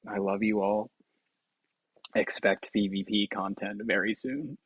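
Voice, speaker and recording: Slow-talking, swearing gameplay commentator. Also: deep voice, steady tone, highs cut off, slight background noise. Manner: chatty, swears freely, given to loud laughing outbursts. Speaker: mobile game video creator.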